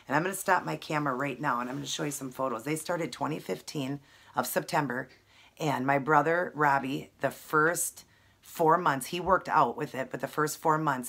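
A woman's voice: very deep voice, gravelly, fairly bright tone, breathy edge. A woman in her thirties talking earnestly to her camera at home, emotional and full of fillers. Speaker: vlogger. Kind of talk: personal talk to camera.

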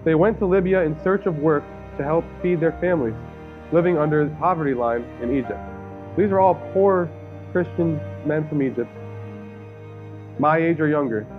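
Pria muda berkhotbah, suara agak tinggi, audio tipis seperti telepon, gitar samar di latar. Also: male voice, a little high, moderate pace. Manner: earnest storytelling with frequent restarts and fillers. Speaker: preacher. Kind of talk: sermon. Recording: tinny phone-like audio, faint guitar music.

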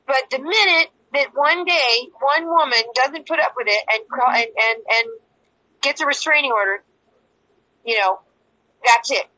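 Bright-voiced woman telling a heated story. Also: sits high, unhurried, poor audio. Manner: rambling, repeats herself, acts out quoted dialogue. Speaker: interview guest. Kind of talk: emotional personal account.

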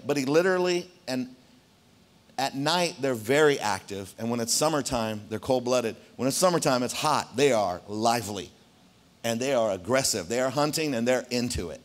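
A man preaching a sermon to his congregation as pastor, telling a story in an animated way and speaking straight to the room. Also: medium pitch. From Arizona, United States. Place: church hall.

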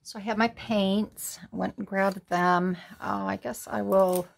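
A woman's voice: on the low side, little pitch movement, measured pace, vocal fry, few pauses. A woman hosting a card-making tutorial, thinking aloud in a casual, musing way as she works. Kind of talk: casual crafting tutorial talk.

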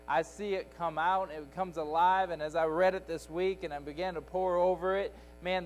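A man's voice: a little high, poor audio. A man teaching Sunday school in a church, preaching with an emphatic, repetitive cadence. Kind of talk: sermon. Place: church sanctuary.

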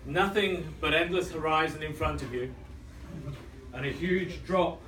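A man in his thirties giving a storytelling speech, dramatic and dropping to a hush for tension. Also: a little high, measured pace, slight background noise. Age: 30s. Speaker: club speaker. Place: function room. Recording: echoey room, mic at a distance, faint ambience.

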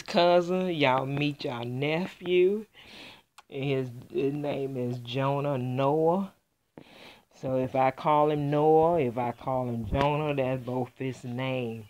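Woman vlogger, slow unhurried delivery, gushing and heartfelt, near tears. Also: a bass voice, steady tone, a little hiss or hum. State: close to tears. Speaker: doll collector vlogger. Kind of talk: casual vlog reveal.

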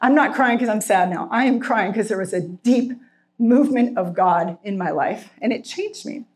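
A middle-aged woman giving a heartfelt sermon with personal testimony, earnest and emotional, slowing down for emphasis and at times tearful. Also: mid-range voice, a little mellow. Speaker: speaker at a Christian retreat.

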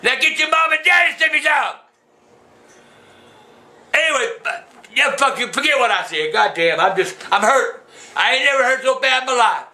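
An older man with a drawl hollers a profane rant, his voice pitched unusually high and gravelly with fry. The tone is sharp and forceful, full of shouted curses. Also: animated, moderate pace, pauses often. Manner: loud, profane, shouting and cursing. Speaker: grandfather ranting on camera. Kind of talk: casual home video rant.

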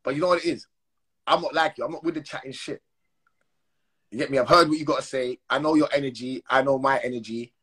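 A man's voice: medium pitch, quick pace, fairly bright tone, breathy edge. A man ranting on a phone livestream, heated and slangy, repeating his call-outs. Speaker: Instagram live streamer. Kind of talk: confrontational live-stream rant.

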